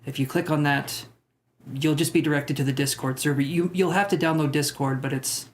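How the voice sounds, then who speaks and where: A man's voice: on the high side, fairly even intonation, a little fast. A young man hosting a live stream, chatting casually with viewers and rambling with self-deprecating jokes. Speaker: tarot livestream host. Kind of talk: casual live-stream chat reading comments.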